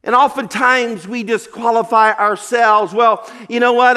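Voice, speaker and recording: A man's voice: very high voice, fairly even intonation, measured pace, sharp tone, clear, resonant tone. A male pastor preaching a sermon, telling a story earnestly with repeated false starts.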